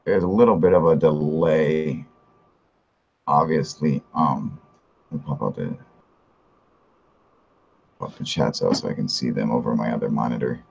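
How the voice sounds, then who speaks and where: A man's voice: rumbling low, a little slow, creaky, long pauses, dull audio, a little hiss or hum. A man hosting a live stream in casual chat, talking loosely and profanely, chuckling often and greeting viewers by name. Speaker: livestream host.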